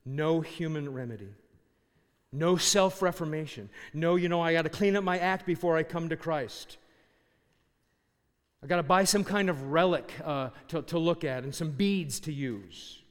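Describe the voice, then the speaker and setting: A middle-aged man preaching with emphatic force, throwing rhetorical questions at his listeners. His voice sits a bit high for a man, and it rings with the long reverb of a large hall. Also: moderate pace. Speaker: pastor. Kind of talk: sermon.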